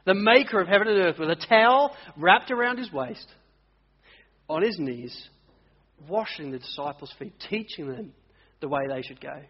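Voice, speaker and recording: Male preacher, high voice, lively storyteller, recorded dull in a big echoing church. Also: moderate pace, husky. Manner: animated storytelling, acts out voices in stories. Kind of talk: sermon. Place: church hall. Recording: dull audio, long church reverb.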